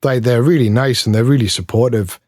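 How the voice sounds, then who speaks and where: Speaking briskly in a medium pitch with a darkish tone, a Newcastle man with a Geordie accent chats casually as a guest in an interview. He's a pedal builder from England who rambles, pokes fun at himself and laughs a lot. The studio-quality recording has no room sound.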